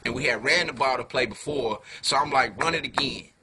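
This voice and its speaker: A man giving a heated fan rant to camera, full of profanity and street slang, dropping low then flaring into loud outbursts. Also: fairly quick, noisy background. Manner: profane slangy talk, keeps calling listeners "dog"; swings from low muttering to loud angry outbursts. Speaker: fan video reviewer.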